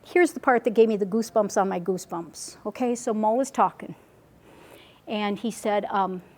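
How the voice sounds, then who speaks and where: A woman giving a casual, chatty report at a group meeting, animated and full of asides and restarts. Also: medium pitch, normal speed. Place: meeting room.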